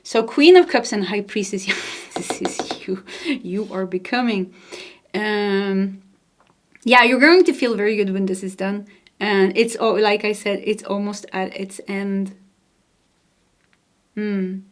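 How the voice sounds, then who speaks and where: A woman with a Nordic accent giving a tarot card reading to camera, soft-spoken and gentle, laughing lightly now and then. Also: medium pitch, slow pace, long pauses. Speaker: tarot reader.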